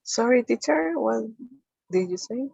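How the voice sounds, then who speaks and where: A woman's voice: on the high side, expressive, unhurried, vocal fry, mellow, slightly rough, no echo, lo-fi sound. A woman student in an English lesson, giving hesitant short answers and reading sentences aloud.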